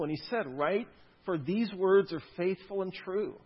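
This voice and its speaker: A man preaching a sermon to his congregation, swinging from loud, stressed lines to soft, quiet asides. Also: high-pitched, measured pace, husky, dull audio. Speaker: pastor.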